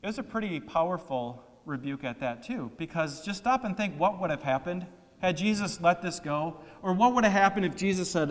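High-voiced preacher in a reverberant hall. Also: male voice, expressive. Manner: dramatic, swings from loud emphasis to hushed, slow phrasing. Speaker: pastor. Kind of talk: sermon.

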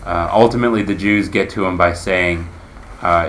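A man's voice: low voice, moderate pace, a bit bright, slight background noise. A man teaching a Bible class in a conversational way, asking his listeners questions as he explains.

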